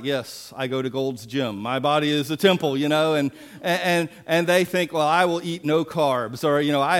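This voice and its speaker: A man's voice: on the high side, a bit bright. A man preaching a sermon as pastor, folksy and emphatic with playful asides.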